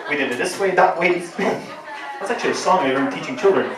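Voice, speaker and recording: Dublin-accented male stand-up, high, lively and foul-mouthed, heard from afar in a packed, echoey bar. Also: brisk. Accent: Dublin Irish. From Ireland. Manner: profane, animated storytelling. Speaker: stand-up comedian. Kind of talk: stand-up comedy set. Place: crowded bar at an open mic. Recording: echoey bar, far from the mic, crowd noise.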